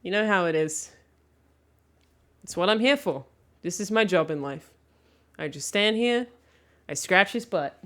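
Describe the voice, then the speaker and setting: Woman streamer, casual rambling chat, animated pitch, quick laughs. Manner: chatty, laughs often, rambling asides.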